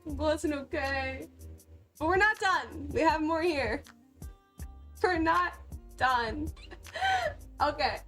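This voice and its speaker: A woman's voice: high voice, slow, long pauses, a bit bright, faint music behind. A young woman chatting casually on a livestream, bubbly and giggly, laughing often between lines. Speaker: cosplay livestreamer.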